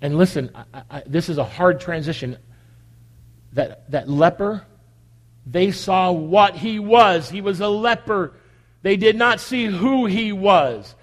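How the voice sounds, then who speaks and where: A man's voice: high voice, unhurried. A man preaching a conversational sermon in church, full of repeated rhetorical questions. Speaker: pastor. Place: church, at the communion table. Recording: long echo of a big hall.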